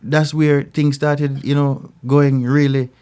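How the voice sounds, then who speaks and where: A Jamaican reggae singer talking as an interview guest, telling animated stories about growing up and acting out the voices in them. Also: male voice, on the high side, slow pace, smooth. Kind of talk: casual storytelling interview.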